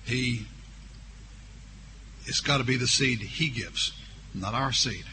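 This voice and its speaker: A man's voice: mid-range voice, noisy background. A man preaching a sermon, reading scripture aloud, drawing out key words and voicing the objections his listeners might raise. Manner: slow, drawn-out emphasis on key words; voices imagined objections from listeners.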